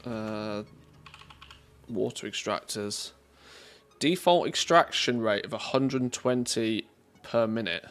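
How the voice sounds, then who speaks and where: Streamer, gravelly, chatty, thinks out loud mid-game. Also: male voice, lowish voice, slow, long pauses. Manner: thinking aloud, chatty, laughs easily. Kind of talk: casual live-stream commentary.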